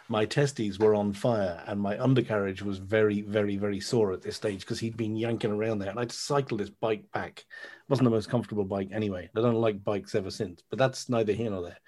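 Husky guy in his 30s, chatty podcast guest, swears a lot telling his story. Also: on the low side. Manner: candid, sweary, animated storytelling. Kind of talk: casual storytelling.

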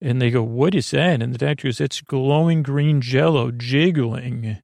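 Guy rambling through a show recap, lots of uhs, raspy fry in his voice, mid pitch. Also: normal speed, darkish tone, no echo, clean studio sound. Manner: meandering, many filler ums and restarts. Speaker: podcast host. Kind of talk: rambling episode recap for sleep.

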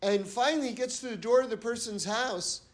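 A man's voice: very high voice, a little fast. A man giving an earnest sermon-style Torah talk who repeats his points for emphasis and tells parables.

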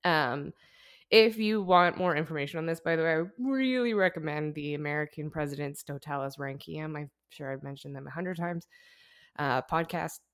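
A woman's voice: deep voice, normal speed. A woman hosting a podcast, telling a story in casual chat and laughing often. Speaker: podcast host.

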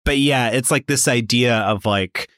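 A man's voice: mid-range voice, a little slow, no echo, studio quality. A man hosting a podcast, chatting loosely with lots of fillers. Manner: loose, filler-heavy, animated. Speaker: podcast host. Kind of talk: casual chat.

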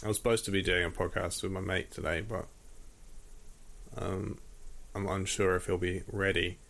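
A man's voice: low-pitched, little pitch movement, normal speed, gravelly, fairly bright tone. Man, solo podcast host, rambling casual chat, self-deprecating, jokey. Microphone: audio interface.

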